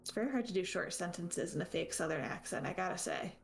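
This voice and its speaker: A woman playing a tabletop role-playing game, talking chattily with quick laughing asides. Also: on the low side, vocal fry, soft background music. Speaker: player. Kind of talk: casual tabletop play.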